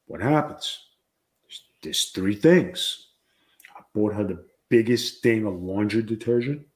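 A man co-hosting a podcast who teases his wife in a calm, low-key way and then tells a story. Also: slow. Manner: teasing and low-key, playing it cool. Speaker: podcast co-host. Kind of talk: comic married-couple banter.

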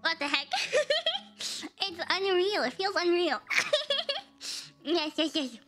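A woman's voice: extremely high pitch, takes it slowly, a bit bright, soft background music. A young woman streaming as a VTuber, chatting casually with her viewers, laughing often and reacting to the chat. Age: young adult. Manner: giggly, talks back to chat, frequent laughter.

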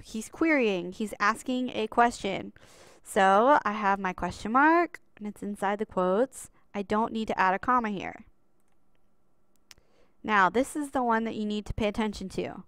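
A woman teaches a classroom writing lesson over slides, patiently explaining and stressing the key rules as she walks through examples. Her mid-range voice has a clean tone on a dry recording.

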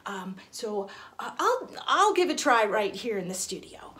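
A woman violin teacher explaining in a studio, gentle and encouraging, with small restarts as she talks. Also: medium pitch, very animated, a little slow. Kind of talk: friendly instructional explanation. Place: recording studio.

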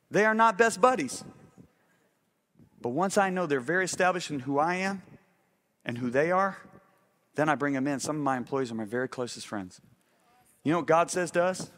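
A middle-aged man preaching a sermon, animated and often asking the congregation if they follow him. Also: on the high side.

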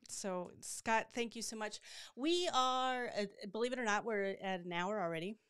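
A woman's voice: medium pitch, expressive, moderate pace, a bit bright, clear, resonant tone. A woman hosting a casual interview, talking in an enthusiastic, gushing way. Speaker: host.

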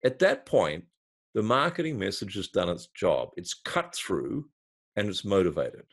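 Low deep-voiced guy, marketing consultant, walking through an example like a story. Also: measured pace, vocal fry, breathy edge. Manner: lively storyteller, builds examples step by step.

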